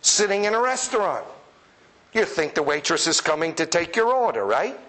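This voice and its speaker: An animated male preacher with a fairly high voice delivers a lively sermon. He talks playfully and acts out the voices of the people he describes. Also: normal speed. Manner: animated, acts out quoted voices, chuckles often. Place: church service with congregation.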